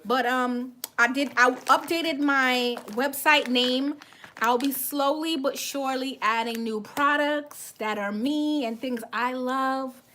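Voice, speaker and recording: A high-pitched woman with a light West Indian accent talks through a makeup livestream in a loose, chatty way. She restarts words often and keeps thanking viewers by name. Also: bright, forceful tone, slight background noise. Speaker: beauty vlogger on a livestream. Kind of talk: casual livestream chat.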